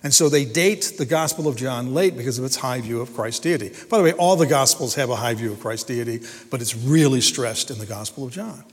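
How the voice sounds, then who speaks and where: A man's voice: medium pitch, brisk, hardly any pauses, breathy edge. A man preaching a sermon in an earnest, emphatic way, often repeating and restarting his words. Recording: long hall reverb.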